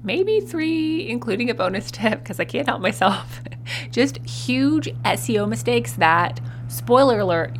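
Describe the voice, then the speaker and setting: Upbeat folksy woman with a Southern accent. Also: fairly low pitch. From Colorado, USA. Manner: folksy and upbeat, laughs often. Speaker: podcast host. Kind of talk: casual solo podcast talk.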